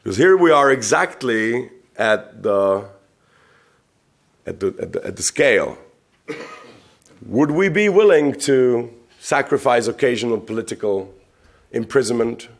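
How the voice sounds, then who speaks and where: Male economist from the Czech Republic, mid-pitched, conversational lecture with rhetorical questions and stumbling repeats. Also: expressive, unhurried, long pauses. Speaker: economist giving a talk. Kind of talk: public talk. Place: conference venue.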